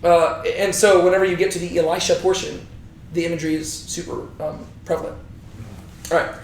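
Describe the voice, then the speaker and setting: A young man leading a casual Bible study, lively and conversational, asking his group questions as he explains the text. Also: a little high, fairly quick, a little hiss or hum. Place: echoey room with a small group. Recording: roomy echo.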